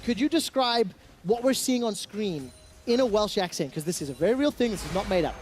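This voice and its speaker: A man's voice: high-pitched, lively intonation, brisk, slight background noise. A man casting a video game match play by play, full of teasing banter with his co-caster. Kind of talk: esports play-by-play commentary.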